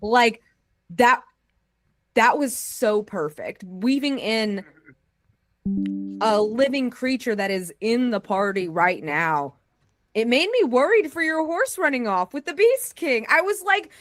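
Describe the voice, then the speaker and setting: An American woman talks in a loose, gushing way, heaping praise on her fellow players with plenty of "like" and restarts. Her voice sits at an ordinary pitch, and the sound is dry and close, with no room around it. It has the feel of a friendly chat after a game. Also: animated, takes it slowly, a bit bright, no room sound, soft background music. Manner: effusive, gushing praise with frequent "like". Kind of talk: casual post-game chat.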